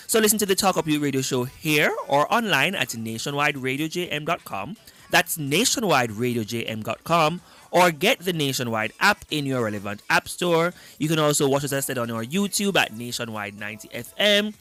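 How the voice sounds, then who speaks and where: A young man hosts a youth radio show from the studio. His voice is bright and rather high, with a lively, swooping delivery. He greets listeners again and again with plenty of energy. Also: moderate pace. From Jamaica. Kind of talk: upbeat radio show presenting.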